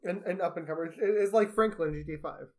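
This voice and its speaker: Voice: mid-range voice, fast, a little mellow. A young adult co-writing a story with a friend, chatting casually with dry, teasing remarks. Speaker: co-writer. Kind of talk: casual chat.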